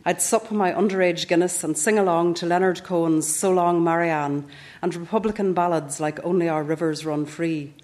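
A Northern Irish woman in her fifties reading her own reflective first-person essay in a measured way. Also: lowish voice, steady tone, a little mellow. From Northern Ireland. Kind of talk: scripted first-person narration.

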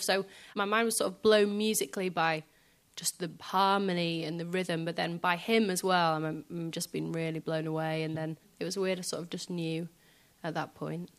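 Soft-spoken hesitant woman. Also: lowish voice, little pitch movement, normal speed. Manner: soft, hesitant, many fillers. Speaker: guest musician. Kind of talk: reflective live interview.

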